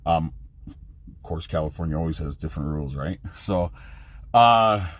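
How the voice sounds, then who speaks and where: A man's voice: extremely low pitch, expressive, moderate pace, dry recording. A middle-aged man, a truck driver, rambling casually and profanely in his own vlog, jumping from topic to topic.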